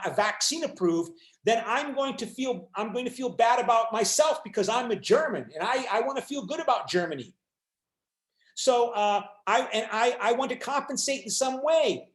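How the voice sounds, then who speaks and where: A man lecturing a university class in a fairly high voice. He talks in an animated, halting way, full of restarts and fillers, and breaks into acted-out voices. The room gives his voice a noticeable echo. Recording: roomy echo.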